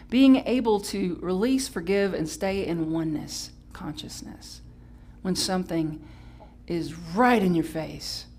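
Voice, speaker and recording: Woman pastor delivering a casual, animated Sunday sermon; playful and conversational with a faint hum behind her. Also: takes it slowly. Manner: animated and playful, with sudden high exclamations; chatty, with restarts and self-correction. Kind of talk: live-streamed Sunday sermon.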